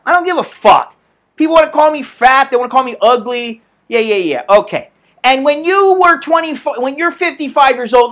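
A man's voice: extremely high pitch, fairly bright tone. A man in his mid-fifties hosting his own podcast, venting bluntly with lots of swearing and rambling restarts. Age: 50s. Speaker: podcast host. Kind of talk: solo podcast rant.

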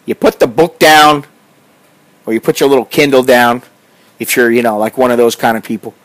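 A man's voice: medium pitch, steady tone, moderate pace, fairly bright tone, low-quality recording. A middle-aged man from the United States, ranting in a profane, combative vlog monologue. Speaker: vlogger.

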